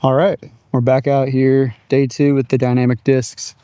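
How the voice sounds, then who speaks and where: A man's voice: mid-range voice, little pitch movement, moderate pace, dark tone, a little hiss or hum. A man casually talking through his disc golf throws in an open field, upbeat and chatty. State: out of breath at times. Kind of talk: casual outdoor vlog commentary.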